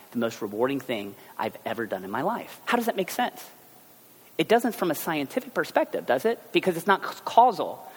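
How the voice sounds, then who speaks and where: A man preaching a sermon as pastor, telling everyday stories in a chatty, animated way. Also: medium pitch. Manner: conversational storytelling, animated asides. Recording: long hall reverb.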